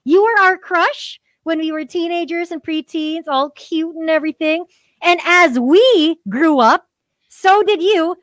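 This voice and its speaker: A woman's voice: very high-pitched, unhurried, fairly bright tone, dry recording. A woman in her twenties hosting a radio show, chatting in a gushing, playful, teasing way. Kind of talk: casual interview.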